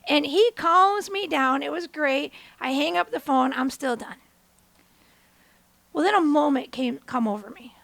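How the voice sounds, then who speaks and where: A woman in her thirties hosting a podcast, telling a personal story as a motivational monologue and acting out the quotes with big jumps in pitch. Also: a little slow, creaky, a bit bright, no echo. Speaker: podcast host.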